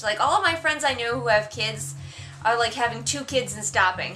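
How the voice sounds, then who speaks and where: A woman giving a casual, sarcastic and animated book review to camera. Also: sits high.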